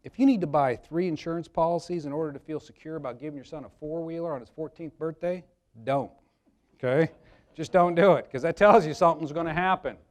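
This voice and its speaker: A man's voice: a little high, a little fast. A man presenting a live workshop, talking conversationally to the audience and telling jokey anecdotes about insurance. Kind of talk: live seminar talk with anecdotes.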